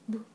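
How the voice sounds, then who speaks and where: A woman's voice: mellow, slight background noise. A woman at home coaxing a baby in sing-song baby talk, repeating simple words for the baby to say. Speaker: parent talking to a baby. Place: home, indoors.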